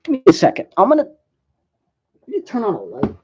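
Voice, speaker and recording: A man rambles casually through a movie review, leaning on "like" and fillers and often restarting his sentences. His pitch moves a lot and his tone is mellow. The recording sounds dull and lo-fi. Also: huge pitch swings, moderate pace, a little hiss or hum. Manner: rambling, lots of "like" and fillers, self-correcting. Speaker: film reviewer.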